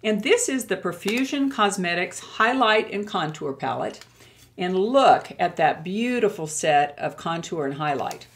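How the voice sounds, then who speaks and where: A woman's voice: lowish voice, lively intonation, a little slow. An older woman chatting to camera as a beauty vlogger, gushing as she reviews products she loves. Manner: warm and gushing, with many admiring exclamations.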